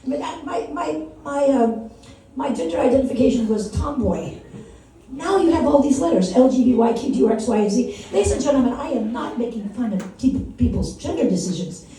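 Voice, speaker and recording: With a warm, fairly high voice, a sixty-something stand-up from Wisconsin talks a little fast and expressively, rambling, mocking herself, and laughing at her own material. The small venue sounds echoey and distant, with slight background noise.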